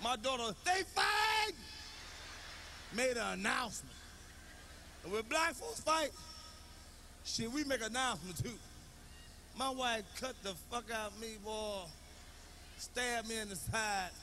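High, bright-voiced profane stand-up man. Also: a little slow, long pauses. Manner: loud, profane, animated storytelling with shouted bits. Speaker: stand-up comedian. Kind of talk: live stand-up comedy. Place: comedy stage before a live audience. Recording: live show recording with reverb and noise.

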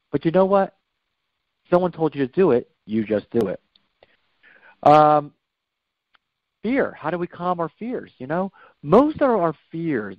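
Lively middle-aged man giving preachy talk. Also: fairly high pitch, no echo. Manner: animated, preachy, repeats "okay?" and "you know". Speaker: guest speaker. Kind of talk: casual faith-based life talk. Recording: dull lo-fi dry recording.

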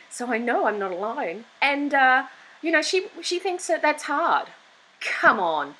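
A middle-aged woman host holding forth in a blunt, opinionated monologue. She restarts her sentences often as she rants. Her voice sits at an ordinary middle pitch. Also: a bit bright, husky, low-quality recording.

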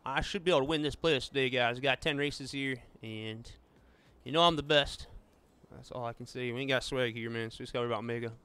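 Male gaming streamer, easygoing and chatty, with a bright, forward tone. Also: medium pitch, quick pace, smooth. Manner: chatty, friendly, calls viewers "man" and "buddy". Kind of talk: casual gameplay chat.

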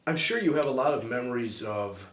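A male interviewer asks curious follow-up questions in a mid-pitched voice. His voice carries a noticeable room echo. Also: animated, brisk. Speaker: interview host.

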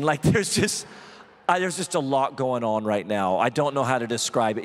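Male pastor, mid-pitched, lively comic sermon storyteller, long church hall reverb. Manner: animated, self-deprecating storyteller with quick asides. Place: church auditorium.

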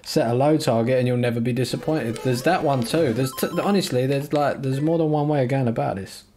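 A man's voice: mid-range voice, brisk, few pauses, a little mellow. A man streaming a video game, chatting casually, joking and thanking his viewers. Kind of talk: casual live-stream commentary. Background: game music.

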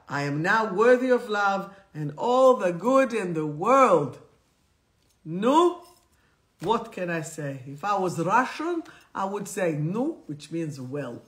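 A woman hosting a live stream, reading affirmation cards to viewers and repeating them, often laughing. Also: mid-range voice.

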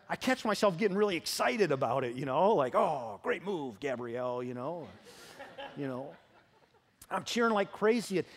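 High-voiced pastor in a reverberant church. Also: male voice. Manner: lively, humorous storytelling. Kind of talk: sermon with personal stories. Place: church sanctuary. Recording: long hall reverb in a church.

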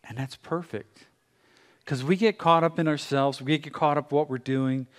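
A middle-aged American pastor preaching a sermon with dramatic pauses, now and then acting out voices. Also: male voice, a little high, steady tone. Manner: dramatic pauses, acts out God's voice and a busy morning. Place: church sanctuary.

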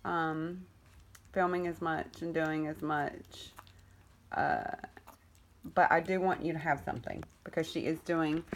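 A cat rescuer and foster carer gives a casual vlog update on her foster kittens, rambling with plenty of ums, cooing affectionately at them now and then, and coughing as she recovers from an illness. Her voice is low and fairly even, measured in pace, with frequent pauses. Slight background noise is present.

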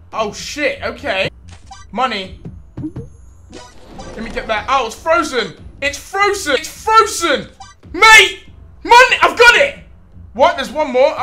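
A man doing comedic gaming vlog commentary, loud and swearing in frustrated outbursts. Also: very high-pitched. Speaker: gaming YouTuber.

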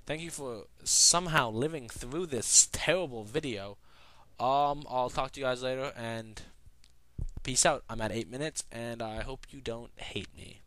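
A young man vlogging a rambling comedic rant, swearing and bursting into shouts. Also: medium pitch, unhurried, no room sound.

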